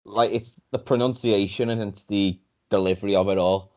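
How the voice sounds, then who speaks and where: A young man co-hosting a podcast in casual chat, playful and quick to laugh, often restarting his sentences. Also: on the low side, steady tone, a little mellow, dull audio. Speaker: podcast co-host.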